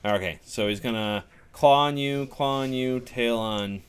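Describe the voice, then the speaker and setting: A man running a tabletop game as dungeon master, narrating combat and rolling dice in a relaxed, chuckling way. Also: mid-range voice, unhurried, clean tone.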